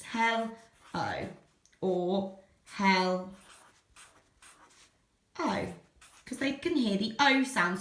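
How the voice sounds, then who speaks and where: A woman teacher demonstrating phonics and sentence writing, slowly sounding out letters and words. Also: medium pitch, sharp tone, echoey room. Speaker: primary school teacher.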